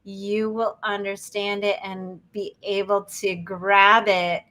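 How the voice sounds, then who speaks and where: A woman's voice: mid-range voice, flat delivery, slow, bright, forceful tone. A woman hosting a podcast, speaking in an emphatic, motivational coaching manner. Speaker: podcast host. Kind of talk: podcast interview.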